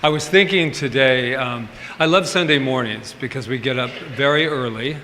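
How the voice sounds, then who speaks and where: Chatty male pastor, bright and reverberant. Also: medium pitch, normal speed. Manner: chatty and candid, with humorous asides. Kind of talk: informal sermon. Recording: reverberant hall, faint ambient noise.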